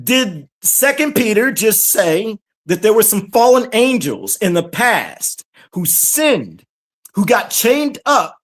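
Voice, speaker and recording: A mid-pitched podcast host delivers fiery scripture commentary with a lively, swooping pitch. The host fires off rhetorical questions and repeats words for emphasis. Quiet, hushed asides give way to sudden shouts.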